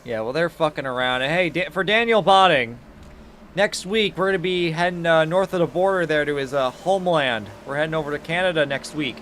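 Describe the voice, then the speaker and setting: A man doing casual race commentary, swearing freely and getting loud for the action. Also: on the high side, fairly quick. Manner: loose, swearing, rising to excited calls. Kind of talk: casual sim-racing commentary. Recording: noisy background.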